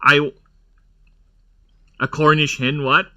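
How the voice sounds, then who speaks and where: A man's voice: fairly high pitch, lively intonation, a little slow, sharp tone. A man giving casual, rambling gameplay commentary, going off on nerdy tangents and laughing often. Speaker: gameplay streamer.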